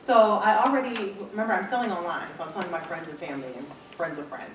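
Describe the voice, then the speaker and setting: A fairly low-pitched woman from Michigan, USA, speaks quickly as an entrepreneur telling her business story to an audience, acting out quoted dialogue along the way. The recording is from an echoey hall with the mic far away and faint noise.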